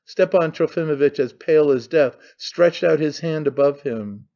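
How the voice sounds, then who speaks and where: A man reading a classic novel aloud as audiobook narrator, in measured storytelling. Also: fairly high pitch, darkish tone, highs cut off.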